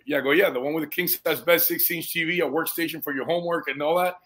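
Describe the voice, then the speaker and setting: Bright-voiced man telling a story. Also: a little high, fast. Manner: animated, swears casually, says dude and bro; gets emotionally moved while telling. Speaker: guest, foster parent. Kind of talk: casual conversational storytelling.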